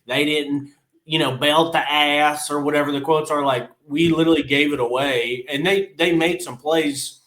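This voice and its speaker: Casting a blunt, frustrated male podcast co-host who chuckles through his rants, slightly high voice, roomy sound. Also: fairly even intonation, moderate pace, fairly bright tone. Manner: blunt, frustrated, laughs often. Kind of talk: casual sports chat.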